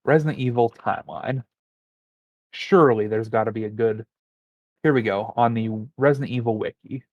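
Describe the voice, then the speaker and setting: A man's voice: mid-range voice, moderate pace, dry recording, narrow, tinny audio. A man co-hosting a podcast, talking casually and rambling as he looks things up mid-conversation. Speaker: podcast co-host. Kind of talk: casual chat.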